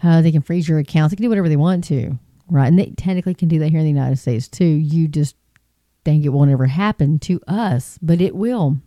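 Mellow-voiced woman ranting. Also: low-pitched, a little fast, no echo. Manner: rambling, emphatic, conspiratorial. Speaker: vlogger. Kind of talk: casual opinion monologue.

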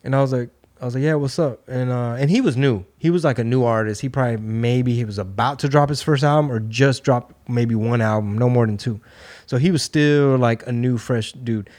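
A middle-aged man hosting a casual podcast chat, swearing freely and acting out the people in his stories with lively jumps in pitch. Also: fairly quick. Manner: laid-back, swearing storyteller. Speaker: podcast host.

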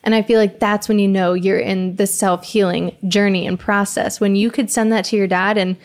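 A woman's voice: medium pitch, steady tone, normal speed. Supportive young woman podcast host. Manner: supportive, reflective, frequent affirmations. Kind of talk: casual podcast chat.

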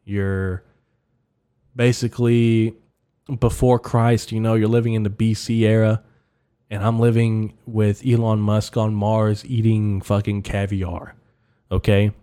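A man's voice: fairly low pitch, flat delivery, a little slow, mellow, smooth. A man hosting his own comedy podcast in a solo monologue, ranting and rambling, swearing freely with lots of fillers. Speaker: podcast host.

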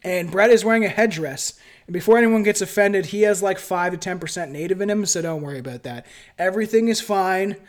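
Brisk and high-voiced, this Canadian podcast host has a light tone and a relaxed, profane manner. He chats loosely and reads from a script, laughing as he stumbles through it, on a different home mic setup at a friend's place.

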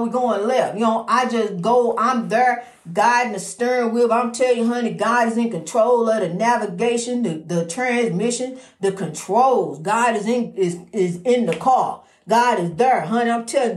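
A high-pitched woman talks about her faith in a slow, preachy, repetitive way, often calling the listener "honey". Her lines sometimes lift into a sing-song lilt. The sound bounces around an echoey room. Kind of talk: faith-filled personal monologue.

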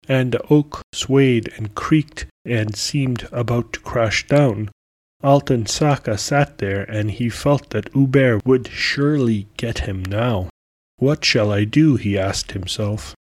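A male storyteller reads a folktale with slow, unhurried pacing. His voice sits at a middling pitch and his delivery is measured and deliberate. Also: darkish tone. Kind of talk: folktale narration.

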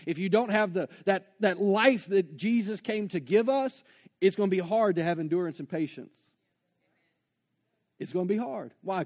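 A man preaches to his congregation in a high, light voice. He keeps it conversational, then slows down and drags out the words he wants to land. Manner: conversational preaching, slows down to stress key phrases. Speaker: pastor. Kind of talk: sermon. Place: church before a congregation.

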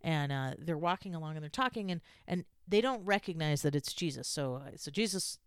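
A woman giving a casual scripture lesson in a conversational, halting way with many restarts. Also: low voice, animated, clean tone, no room sound, clean studio sound. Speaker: scripture teacher.

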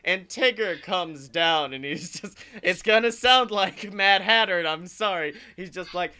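High bright voiced guy, cursing and laughing through a wild story. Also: measured pace, few pauses, clear, resonant tone. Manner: animated, profane, laughing through his story. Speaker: podcast co-host. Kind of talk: casual comedic storytelling.

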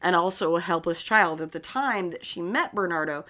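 A woman's voice: fairly low pitch, expressive, normal speed, sharp tone. A young woman co-hosting a casual podcast, swearing a lot and breaking into laughter while reading a true-crime story. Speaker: podcast co-host.

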